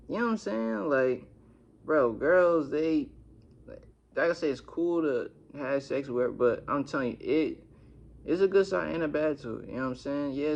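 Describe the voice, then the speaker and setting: Young man, storytime vlog, slangy, cursing, a bit high, lo-fi dull recording. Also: gravelly. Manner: animated, slangy retelling with lots of cursing. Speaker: vlogger.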